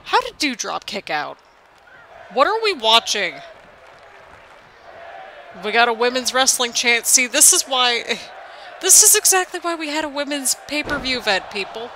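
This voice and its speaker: A woman's voice: sits high, big pitch swings, moderate pace, long pauses, sharp tone, a little hiss or hum. A young woman hosting a gaming channel, chatting casually and rambling as she comments on a wrestling game. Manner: chatty, rambling, laughs often. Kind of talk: casual let's-play commentary.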